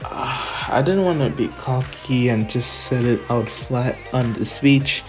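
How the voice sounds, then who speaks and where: Brief: cocky young hero, calm and teasing, in a male fan narrator's own voice. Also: medium pitch, unhurried, soft background music, close to an everyday voice. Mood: smug. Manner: smug, teasing.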